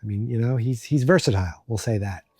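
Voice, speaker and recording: A man's voice: mid-range voice, quick pace, darkish tone, breathy edge, no echo, studio quality. A man hosting a podcast, recapping an episode in a rambling, joking way with many fillers. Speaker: podcast host.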